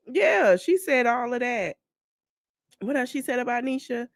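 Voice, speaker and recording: A woman's voice: a little high, lively intonation, measured pace, dry recording. A woman hosting a podcast, giving blunt, mocking gossip commentary and laughing often. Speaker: podcast host.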